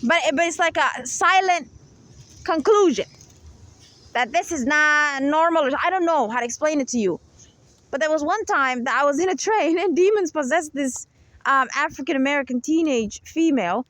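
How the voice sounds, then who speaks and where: A woman with a high voice talks to her audience in a long, insistent monologue, checking in over and over with "right?" and "okay?". Her voice is recorded close and dry, with no room sound around it. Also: lively intonation, moderate pace, fairly bright tone, no room sound. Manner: insistent, lecturing tone. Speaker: channel host. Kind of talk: rambling monologue to camera.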